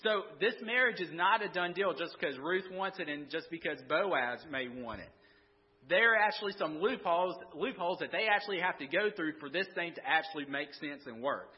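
A man's voice: on the high side, animated, a little fast, muffled recording. A man preaching a conversational sermon, asking the congregation questions and often restarting his sentences. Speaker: pastor.

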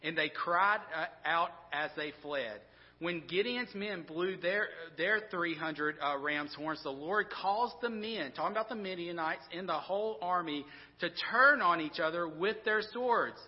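High-voiced man preaching in a reverberant hall. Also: measured pace. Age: 30s. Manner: conversational, animated storytelling with many restarts. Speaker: pastor. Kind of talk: sermon. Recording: dull sound with long hall reverb.

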